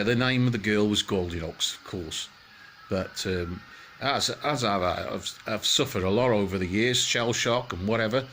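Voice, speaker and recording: A man telling a rambling comic bedtime story, full of halting restarts. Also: lowish voice, a bit bright, a little hiss or hum.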